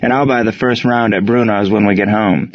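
A man's voice: lowish voice, fairly quick, dull audio, natural voice. A man voicing Gene, an earnest young soldier and baseball catcher who raises his voice when riled. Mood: warm. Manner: shouts when riled, animated.

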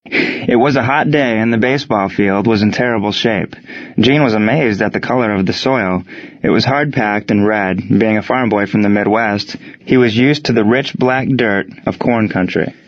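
A man reading a story aloud in a steady, measured narration. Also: fairly low pitch, lo-fi sound. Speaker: audiobook narrator.

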